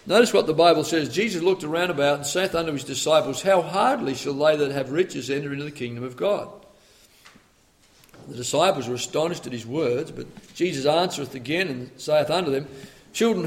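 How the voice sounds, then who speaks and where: A middle-aged man preaching a sermon, reading scripture aloud and telling stories from his own life. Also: a little high. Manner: earnest, quotes scripture in old English, tells personal anecdotes.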